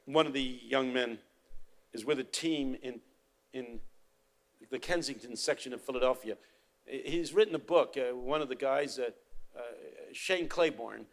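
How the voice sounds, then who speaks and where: An older man telling a story in a sermon, a preacher and professor who swings from hushed tones to shouting. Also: mid-range voice, measured pace.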